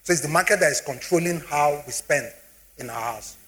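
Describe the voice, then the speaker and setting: A man's voice: fairly high pitch, brisk. A middle-aged man with a Nigerian accent giving a motivational finance talk, often asking the audience if they follow him. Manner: animated, asks the audience questions often. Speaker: speaker on personal finance.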